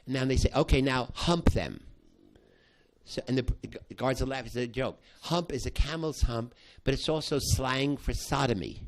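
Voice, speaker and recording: Older man telling a story in halting bursts. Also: mid-range voice. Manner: halting, with many restarts, acting out quoted voices. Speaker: psychology professor recounting a past study. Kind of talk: spoken storytelling to an audience.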